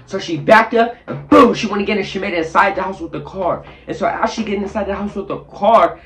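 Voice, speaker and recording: A man with a slightly high voice tells a wild story as a vlogger. He acts out every scene with sound effects and quick voice changes. He sits in his bathroom as he talks. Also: a bit bright. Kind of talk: animated storytelling. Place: bathroom, sitting on the toilet.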